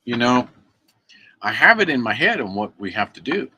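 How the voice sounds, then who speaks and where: A man's voice: mid-range voice, sing-song, moderate pace, sharp tone, breathy edge. An American man giving an angry, emphatic livestream rant into his computer mic, preaching to viewers. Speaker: activist live streamer. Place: indoors at a computer.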